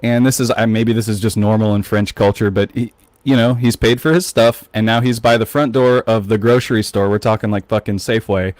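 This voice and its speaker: An American man co-hosting a podcast, chatting casually and telling animated stories. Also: lowish voice, brisk, no room sound. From United States. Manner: animated storyteller, mimics voices loudly. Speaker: podcast co-host. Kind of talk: casual chat.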